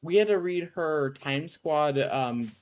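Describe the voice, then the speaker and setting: A man's voice: on the high side, slow pace, a little hiss or hum. A man chatting casually on a game stream, rambling and goofy, often stopping to restart his sentences. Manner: rambling, self-interrupting, goofy asides. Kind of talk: casual chat while gaming.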